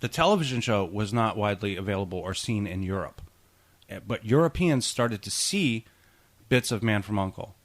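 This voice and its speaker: A man's voice: lowish voice, animated, a little fast. A man co-hosting a podcast in casual chat, rambling through film trivia with many restarts. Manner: chatty, rambling, tosses in goofy impressions. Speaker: podcast co-host.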